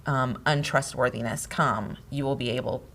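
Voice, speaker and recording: A middle-aged woman co-hosting a casual talk on marriage, telling stories in an animated way and laughing often. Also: a bass voice, moderate pace. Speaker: podcast co-host, wife. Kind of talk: casual conversation about marriage.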